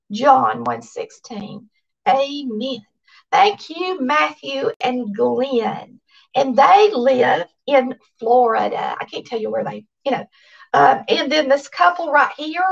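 A chatty Southern woman with a high voice and a gravelly edge talks excitedly to her viewers. She sounds a little distant and dull, as if the mic sits some way off. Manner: chatty, excitable, reads viewer cards aloud. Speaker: cooking channel host. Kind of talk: casual chat to viewers.

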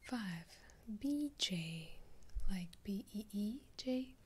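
Breathy whispering woman, Russian accent. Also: mid-range voice, lively intonation. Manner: slow whispered list-reading, dry amused asides. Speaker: ASMR creator. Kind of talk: whispered ASMR.

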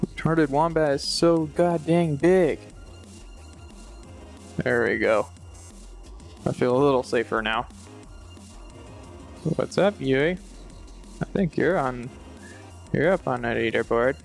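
Young male gaming host, gravelly and slow-talking, excitable with sudden shouts. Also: medium pitch, soft background music. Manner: excitable, shouts at wins and losses, playful teasing. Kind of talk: casual gameplay commentary.

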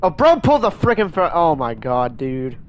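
A man streaming a game live, chatting in a rambling, excitable way and scolding his chat, with many restarts. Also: fairly high pitch, normal speed.

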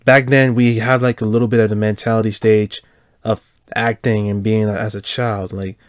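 A man's voice: lowish voice, little pitch movement, normal speed, clear, resonant tone, no echo, studio quality. A young adult man hosting a podcast, asking questions in a hesitant way, searching for words. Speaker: podcast host. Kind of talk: casual interview questions.

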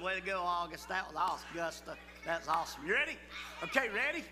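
An older man with an expressive, high-sitting voice talks fast while leading a children's Bible school assembly. In the church hall he calls out to the crowd in a folksy, coaxing way, and the recording picks up hall reverb along with music.

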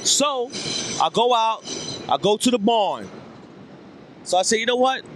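A man's voice: very high-pitched, lively intonation, measured pace, a bit bright, slight background noise. A man doing stand-up, telling a rambling story with repeated lines and voiced quotes. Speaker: stand-up comedian. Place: comedy club stage.

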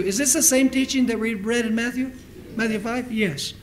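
High-voiced male pastor preaching. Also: normal speed, slight background noise, poor audio. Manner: preaching with rhetorical questions, reading scripture aloud. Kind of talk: sermon. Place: church.

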